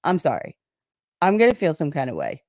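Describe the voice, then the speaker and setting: A woman's voice: deep voice, fairly quick, dry recording, clean studio sound. A woman co-hosting a livestream in casual chat, swearing freely and acting out what others said. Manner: animated, swears freely, acts out others in quotes. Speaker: livestream co-host.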